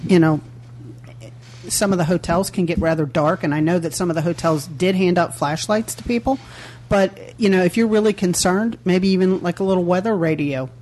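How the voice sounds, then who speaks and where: A woman's voice: lowish voice, normal speed, a little mellow, slight background noise. Chatty woman co-host full of "you know"s. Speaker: podcast co-host. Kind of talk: casual podcast chat.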